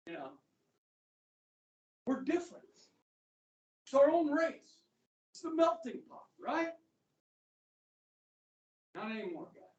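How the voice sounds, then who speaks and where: A man's voice: sits high, darkish tone. A man lectures a history class in a loose, joking way, throwing questions out to the room. He stands well back from the microphone. The classroom gives his voice a hollow, echoing ring. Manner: casual, joking, fires rhetorical questions at students. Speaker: history teacher. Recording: echoey classroom, speaker far from the mic.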